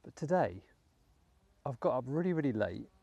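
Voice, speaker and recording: A British man talks his viewers through a dig in a rainy field, chatty and easygoing with little muttered asides. His voice is mellow and relaxed, and the sound is close and dry. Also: medium pitch, normal speed, gravelly, slightly rough, dry recording. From United Kingdom. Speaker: metal detecting channel host. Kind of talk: casual vlog commentary while digging. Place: outdoors in a wet field.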